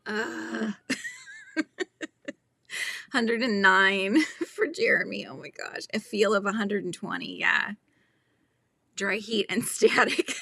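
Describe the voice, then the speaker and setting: A chatty woman with a Californian accent hosts a relaxed livestream, reading comments and laughing as she goes. Her voice is bright and a little gravelly, and she often trails off mid-sentence. The sound is dry and close. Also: mid-range voice, no room sound. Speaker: crochet livestream host. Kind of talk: casual chat reading viewer comments.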